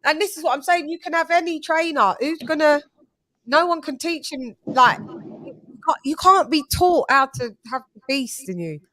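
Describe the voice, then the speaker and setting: A woman's voice: high voice, animated, moderate pace, bright, forceful tone. Blunt woman talking boxing. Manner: blunt, profane, emphatic. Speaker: channel host. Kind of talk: casual live watch-along chat.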